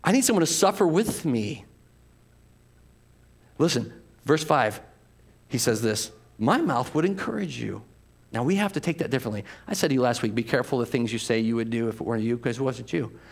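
A man preaching an expository sermon, reading scripture dramatically and swinging from loud emphatic lines to hushed, near-whispered ones. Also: medium pitch, fairly quick, vocal fry.

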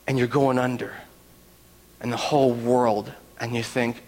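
A man preaching a sermon as a pastor, animated, acting out people's panicked words in quotes. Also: mid-range voice, measured pace. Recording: long reverb in a hall.

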